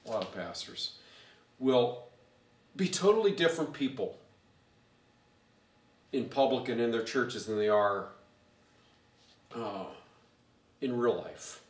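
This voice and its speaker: A male pastor teaching a Bible study in an animated, sarcastic way, growing loud when he gets excited. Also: medium pitch, slow, long pauses. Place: church. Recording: echoey room, mic far off.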